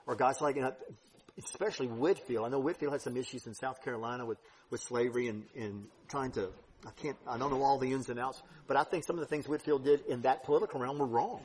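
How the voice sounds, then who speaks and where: A man preaching a sermon, with emphatic stresses and sudden quiet drops. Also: medium pitch.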